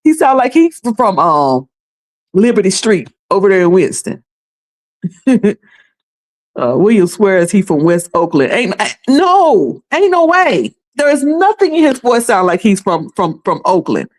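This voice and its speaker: A woman's voice: mid-range voice, very animated, a little slow. A woman in her fifties hosting casual commentary, chatty, laughing often and restarting her sentences. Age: 50s. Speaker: commentary channel host.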